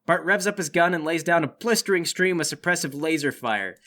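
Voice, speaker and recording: A man narrating a tabletop game as game master, playful and animated. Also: on the high side, fairly quick.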